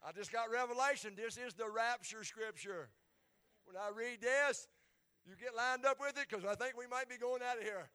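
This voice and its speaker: A pastor preaching a sermon with fervor, often repeating his words and building up to loud peaks. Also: extremely high pitch, moderate pace, smooth.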